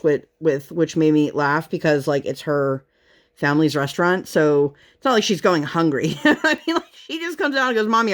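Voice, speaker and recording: A woman in her thirties chatting casually while crafting, telling family stories with lots of fillers and laughter. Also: deep voice. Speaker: crafting vlogger.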